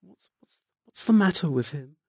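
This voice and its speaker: A man's voice: sits high, lively intonation, slow pace, dark tone, breathy edge, no echo, studio quality, voice pushed up, heavily acted. A man voicing a timid, frightened young country mother who stammers anxiously in an audiobook reading. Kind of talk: audiobook character voice.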